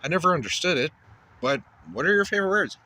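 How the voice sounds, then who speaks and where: Lively crude ranting man. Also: sits high, fast talker, slight background noise. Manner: crude ranting with lots of insults. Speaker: comedy show host. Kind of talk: shock-humour rant.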